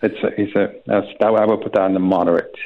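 A man speaks as a guest on a radio show, his voice sitting a bit low. He explains at an easy, relaxed pace, and he comes through a thin, tinny phone line. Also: fast talker. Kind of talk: casual radio interview.

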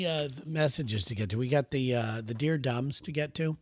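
Male podcast co-host, husky, loose joking delivery, dry close sound. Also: mid-range voice, normal speed, dry recording. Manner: rambling, joking, swears freely. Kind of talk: casual podcast banter.

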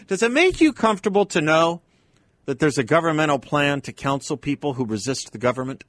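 A man's voice: fairly high pitch, very animated, a little fast, a bit bright, no room sound. A man hosting a talk radio show, talking in a conversational, wry and emphatic way into a studio microphone. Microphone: studio microphone, dry.

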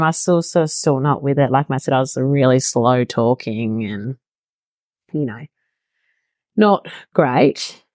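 Low-voiced woman telling a story. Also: clean tone, no room sound, clean studio sound. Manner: chatty, self-deprecating, laughs through the story. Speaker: podcast guest. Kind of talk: casual storytelling interview.

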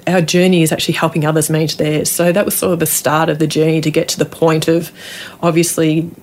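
A woman's voice: low voice, flat delivery, fast, darkish tone. A middle-aged Australian woman, a guest author, telling her family's story in an interview with earnest emotion.

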